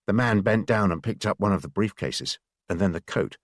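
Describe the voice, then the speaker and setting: A man reading a wartime spy thriller as an audiobook narrator, measured and expressive. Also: on the low side, dry recording, studio quality. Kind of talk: scripted narration.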